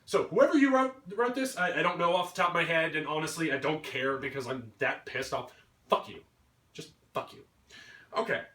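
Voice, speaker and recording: A man's voice: on the high side, fairly quick, bright, forceful tone. A man giving an angry, swearing rant about a movie, mocking characters in put-on voices. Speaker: vlogger. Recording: roomy echo, mic at a distance.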